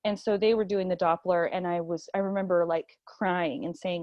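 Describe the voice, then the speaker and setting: A woman guest telling a personal story in conversation, animated and full of fillers, acting out the quotes. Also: lowish voice, moderate pace, no echo. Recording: dull, lo-fi, dry.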